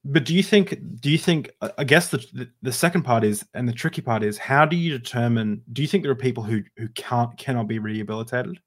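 A man's voice: medium pitch, fast, few pauses. Hesitant male podcast host. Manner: thoughtful, hesitant, many restarts. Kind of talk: casual interview talk.

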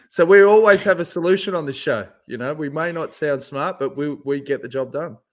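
A man's voice: fairly high pitch, moderate pace. A man hosting a podcast, chatting in a laid-back, jokey way. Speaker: podcast host. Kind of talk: casual chat.

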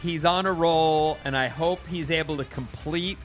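A man's voice: a little high, moderate pace, faint music behind. A man co-hosting a radio show, chatting casually and reading out offbeat news stories. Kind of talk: casual chat.

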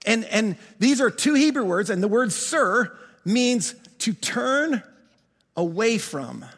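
A man preaching a sermon as pastor, animated, often restarting words and asking his congregation questions. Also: extremely high pitch, slow, big-room sound.

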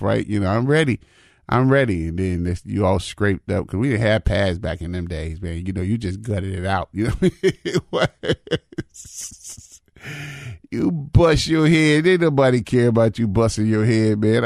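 A man's voice: low-pitched, no room sound, clean studio sound. A man in his fifties telling folksy personal stories in a casual, repetitive way, often adding "man" and "you know what I mean". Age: 50s. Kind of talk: casual storytelling monologue.

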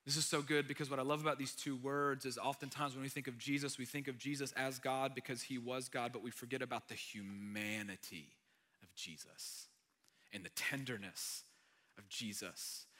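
A male pastor preaching a sermon in an earnest way, swinging between loud emphatic lines and hushed, nearly whispered ones. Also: mid-range voice, fairly even intonation, normal speed.

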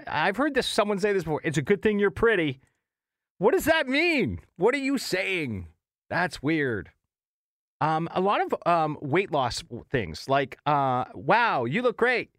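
A man's voice: on the high side, fairly bright tone, no echo. A man hosting a radio morning show from a studio microphone, chatty and reacting with mock outrage as he reads texts and runs a quiz. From Canada. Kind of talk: casual radio chat.

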